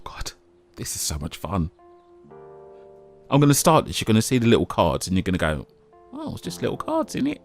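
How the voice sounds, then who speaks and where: A man giving casual, self-mocking commentary over a game he is playing, now and then breaking into a shout. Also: on the low side. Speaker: gaming YouTuber.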